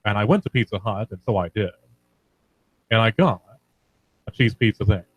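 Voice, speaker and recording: A young man impersonating a grave male TV investigative reporter, speaking in a slow, probing, solemn way. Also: lowish voice, lively intonation, husky, no room sound, lo-fi sound.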